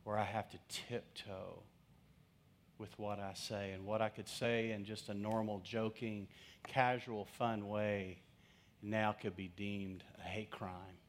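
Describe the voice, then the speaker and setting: A pastor with a lowish male voice delivers a sermon as a lively personal anecdote. He slips into the voices of the people in his story, playing the scenes for laughs. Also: slow pace. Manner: humorous, acts out quoted voices.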